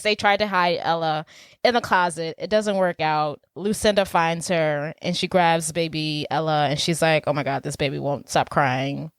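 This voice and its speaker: A woman co-hosting a podcast, calmly retelling a movie plot in easy conversation that is full of filler words. Her voice sits a little low, and the recording is dry and close. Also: clean tone, no room sound. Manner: relaxed storytelling with filler words. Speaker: podcast co-host. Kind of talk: casual movie recap chat.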